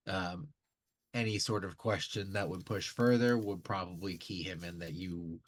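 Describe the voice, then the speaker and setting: A man narrating as game master, halting with many fillers. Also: low voice, dry recording.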